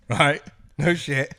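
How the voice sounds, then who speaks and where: A man co-hosting a podcast, telling sweary stories in casual chat and laughing often. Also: a little high. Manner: laughing, sweary, animated storytelling. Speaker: podcast co-host.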